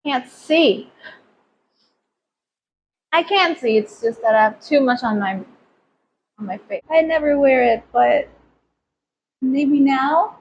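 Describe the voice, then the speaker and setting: Young female vlogger, high and rambling, self-mocking; dull home recording. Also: lively intonation, a little slow, slight background noise. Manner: self-deprecating, giggly, rambling. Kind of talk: casual makeup vlog chat.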